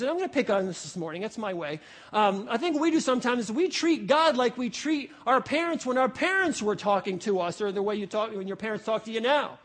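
A man preaching a sermon in a lively, conversational way, acting out little voices and asking rhetorical questions. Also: extremely high pitch. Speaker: pastor.

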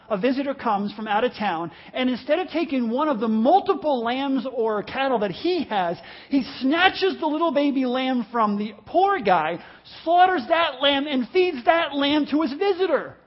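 A male pastor preaching a sermon in a church service, telling a story in an animated way and acting out the voices in it. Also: very high-pitched, dull audio.

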